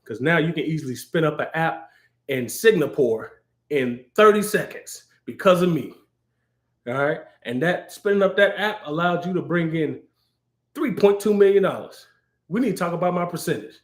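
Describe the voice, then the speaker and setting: An animated, playful man hosts a live tech Q&A. He keeps the talk loose and acts out little scenes along the way. His voice sits a bit high for a man, and the room adds a clear echo. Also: normal speed. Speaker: cloud architect hosting a live Q&A. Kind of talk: casual livestream talk. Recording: roomy echo.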